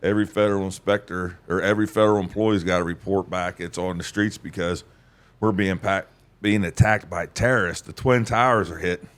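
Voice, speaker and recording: A man's voice: steady tone, brisk, fairly bright tone. A man, telling his life story in a rambling, folksy way. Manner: rambling, folksy, drops to a low mutter. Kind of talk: casual storytelling conversation.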